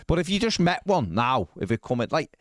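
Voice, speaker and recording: A man's voice: mid-range voice, big pitch swings, brisk, dry recording, studio quality. Wry man reading stories aloud. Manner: wry, incredulous asides while reading. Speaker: podcast host. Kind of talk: casual podcast chat, reading out news stories.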